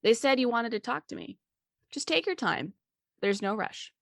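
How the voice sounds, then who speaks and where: A woman voicing a veteran male detective who speaks gently and patiently. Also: a little high, animated, normal speed, gravelly, no echo, clean studio sound, pitched above the performer's own voice. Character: veteran male detective, calm and soft-spoken.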